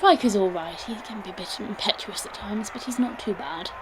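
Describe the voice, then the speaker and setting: A woman's voice: mid-range voice, fairly quick, noisy background, close to an everyday voice. A woman voicing Esther, a genteel, polite companion who speaks in a prim, hesitant way. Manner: prim, hesitant, well-mannered.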